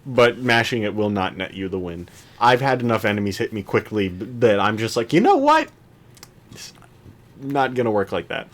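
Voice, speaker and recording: A man's voice: lowish voice, fairly quick, a bit bright. A young man co-hosting a podcast in casual chat, laughing often and putting on voices when he quotes. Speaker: podcast co-host.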